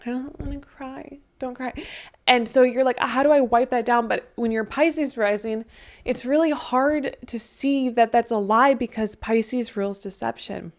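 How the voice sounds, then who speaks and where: A woman's voice: on the high side, moderate pace. A young woman giving a casual astrology reading, talking in a chatty, emotional way with lots of fillers and moments close to tears.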